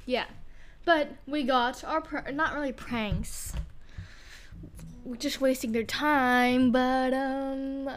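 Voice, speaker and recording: A woman's voice: high-pitched, fairly even intonation, slow pace. A young woman co-hosting a podcast, chatting casually and rambling with lots of fillers and giggles. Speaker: podcast co-host. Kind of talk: casual chat.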